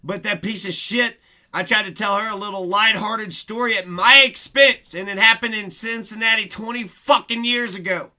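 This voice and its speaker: A man's voice: sits high, fairly even intonation, moderate pace, bright, forceful tone. A man delivering a rambling, profane, aggrieved monologue as a vlogger. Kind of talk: casual ranting monologue.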